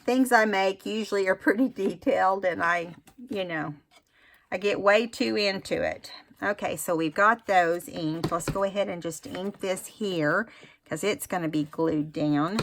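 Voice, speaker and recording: A woman's voice: mid-range voice, slight background noise. A woman hosting a craft tutorial, talking casually and rambling as she demonstrates. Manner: chatty, rambling, self-admittedly unhurried.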